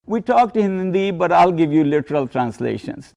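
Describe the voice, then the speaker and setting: Older man, gravelly, mellow storytelling. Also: fairly high pitch, sing-song. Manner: measured storytelling with quoted Hindi asides. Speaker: narrator of a personal tribute. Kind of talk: reminiscing narration.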